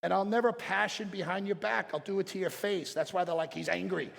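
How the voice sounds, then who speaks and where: A middle-aged man speaks from a stage in a large hall, and his words ring out with a long tail of reverb. His voice sits a little high and has a gravelly, fried edge. He talks bluntly and with passion, dropping to quiet reflection and then pushing hard on a point. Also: fairly quick. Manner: blunt, passionate, swings between quiet and forceful. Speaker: chiropractic speaker. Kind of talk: motivational stage talk.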